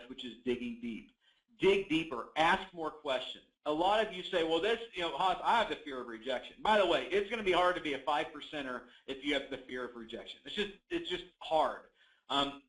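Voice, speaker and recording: A man's voice: on the high side, fairly bright tone, reverberant, rough recording. A man coaching real estate agents in an emphatic motivational talk, repeating key phrases and acting out sales calls.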